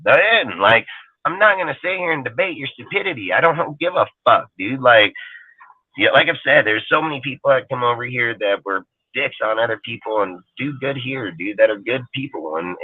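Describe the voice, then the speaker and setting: A man's voice: sits low, no echo. A male host of a live sports talk show, rambling bluntly and swearing heavily in a profane livestream rant. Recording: dry, phone-like lo-fi audio.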